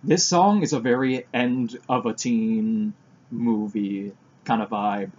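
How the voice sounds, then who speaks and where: A man's voice: fairly low pitch, slow, darkish tone, muffled recording. A man casually commenting on songs as he listens, thinking aloud and sometimes eating while he talks. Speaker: music reaction vlogger.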